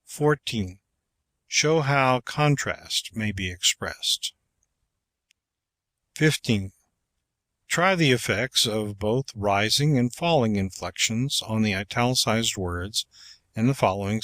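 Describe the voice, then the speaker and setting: Male audiobook narrator, unhurried textbook reading, mid-range voice, dry close recording. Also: on the low side, animated, fairly bright tone, no echo. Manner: slow, measured reading of numbered exercises. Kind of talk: scripted narration of a public speaking textbook.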